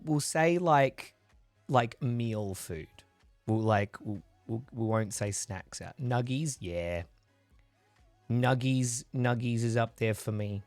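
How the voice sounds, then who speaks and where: A man's voice: mid-range voice, no echo. A man hosting a livestream, chatting in a rambling way with viewers while recovering from a chest infection and coughing now and then. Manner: rambling, chatty, reads and answers chat. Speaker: livestream host. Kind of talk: casual chat with live viewers.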